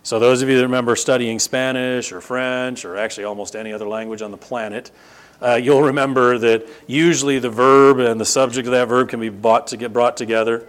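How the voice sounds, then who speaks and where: Middle-aged male pastor, emphatic teaching sermon, mid-pitched voice, repeats words for stress. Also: fairly even intonation, a little fast. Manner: emphatic, rises to sharp high bursts and repeats "no, no, no"; teaching, explains Greek grammar to the congregation.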